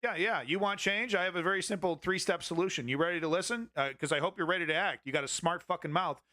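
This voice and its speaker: A man's voice: sits high, quick pace, pushed and bright, dry recording, studio quality. A young man hosting a live political news stream, talking to his chat in a blunt, profane, confrontational way.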